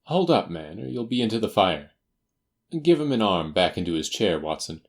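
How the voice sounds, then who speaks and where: A man voicing a confident, faintly teasing detective in a crisp, assured manner for an audiobook. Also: low voice, very animated, moderate pace. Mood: stern. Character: brisk, confident male detective. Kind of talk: audiobook character voice.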